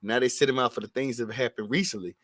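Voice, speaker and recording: A man appearing as a guest on a sports podcast, laying out his view in a measured, explanatory way. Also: medium pitch, a bit bright, no echo, clean studio sound. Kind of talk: sports debate chat.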